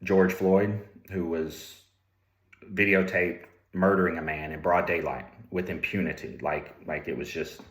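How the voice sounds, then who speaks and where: A man's voice: deep voice, fairly even intonation, unhurried. A middle-aged man who was once a trooper tells candid stories about police ethics. He talks in a conversational way, often repeating and restarting words. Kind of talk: candid storytelling. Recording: roomy echo.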